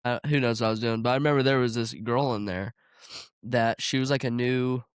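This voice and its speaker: A man's voice: medium pitch, fairly even intonation, fairly quick, smooth, no echo. A young man co-hosting a casual chat, telling joking anecdotes full of fillers.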